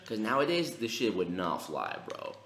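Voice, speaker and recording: A man co-hosting a casual podcast, telling animated stories loaded with profanity and slang. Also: on the low side, moderate pace, creaky, roomy sound, slight background noise. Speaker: podcast co-host. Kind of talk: casual chat, storytelling.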